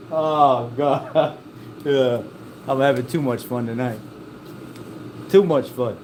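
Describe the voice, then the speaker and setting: A man's voice: medium pitch, slow, noisy background. A man chatting casually and rambling from one joke to the next, laughing at his own stories. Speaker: vlogger. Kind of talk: casual chat.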